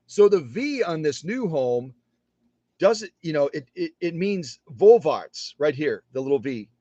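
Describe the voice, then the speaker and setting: A chatty middle-aged man talks to the camera in his workshop, his voice sitting a little high and swinging widely in pitch. The sound is dry and close, with no room echo. He pokes fun at himself and slows right down to spell words out letter by letter. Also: sing-song, dark tone, muffled recording. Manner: chatty, self-deprecating, spells words out slowly. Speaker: sewing machine restorer. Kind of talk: casual demonstration to camera.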